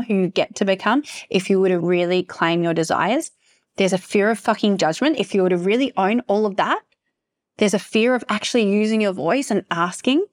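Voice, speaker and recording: Woman doing a solo podcast, fired up and emphatic, cusses a lot, mid-pitched voice. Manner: impassioned, emphatic, swears freely. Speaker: podcast host.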